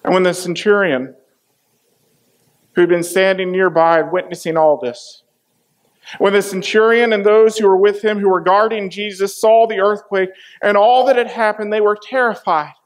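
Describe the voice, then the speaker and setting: A man's voice: high voice, fairly even intonation, normal speed. A man preaching a sermon, dramatically retelling a scripture passage and acting out the voices in it. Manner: dramatic, acts out the quoted voices.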